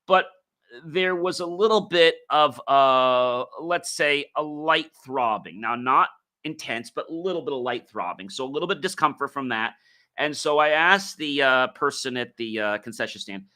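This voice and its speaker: A man's voice: medium pitch, lively intonation, moderate pace, bright, forceful tone. A man hosting a podcast, telling a personal story in a casual, rambling way with many fillers and restarts. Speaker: podcast host.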